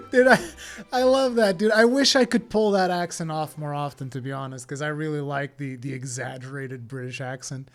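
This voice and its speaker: A man's voice: on the high side, fairly quick, hardly any pauses, soft background music. A man streaming a game, chatting casually and rambling with plenty of swearing. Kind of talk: casual live-stream chat.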